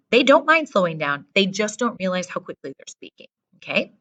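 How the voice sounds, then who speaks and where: A woman's voice: mid-range voice, very animated, fairly quick, a bit bright, highs cut off. A woman from the Midwest, a Spanish teacher briefing her students in a direct, instructive way and often checking in with them. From American Midwest. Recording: voice from a distance from the mic.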